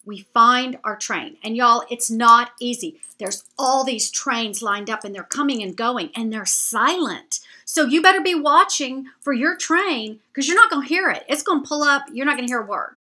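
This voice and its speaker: Chatty woman with a bright voice. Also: a little high, normal speed, few pauses. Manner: chatty, animated, addresses viewers directly. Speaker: vlogger. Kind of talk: storytelling travel anecdote to camera.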